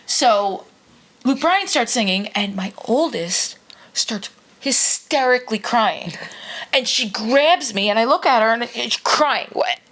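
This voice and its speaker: A woman's voice: a little high, takes it slowly. A woman in her thirties, co-hosting a podcast, telling family stories in casual chat and laughing often. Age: 30s. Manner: animated storyteller, laughs often. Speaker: podcast co-host.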